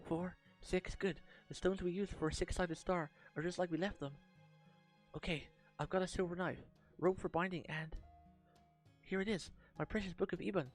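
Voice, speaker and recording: A man's voice: high-pitched, voice pushed up, close to an everyday voice. A man voicing a frightened young girl who prays and pleads in secret. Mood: hushed.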